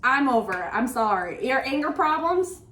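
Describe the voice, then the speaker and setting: A woman co-hosting a book podcast, talking casually and getting animated and exasperated, with lots of "like". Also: sits high, normal speed, slight background noise. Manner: animated, exasperated ranting with frequent "like". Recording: roomy echo.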